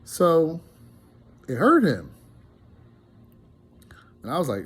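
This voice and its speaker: A man's voice: fairly high pitch, huge pitch swings, slow, long pauses, fairly bright tone, breathy edge. A man casually telling a story to his viewers, rambling and earnest, with many restarts. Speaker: relationship vlogger.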